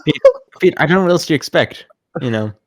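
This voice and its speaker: A man's voice: fairly high pitch, animated, fast talker, dry recording, clean studio sound. A man co-hosting a podcast, teasing his friends bluntly in casual chat. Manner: teasing, blunt, plugs games between jokes. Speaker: podcast co-host.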